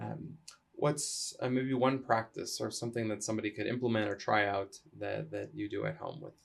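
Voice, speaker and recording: Man, podcast host, soft-spoken, thoughtful, low voice, gravelly. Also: animated, moderate pace. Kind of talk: podcast conversation.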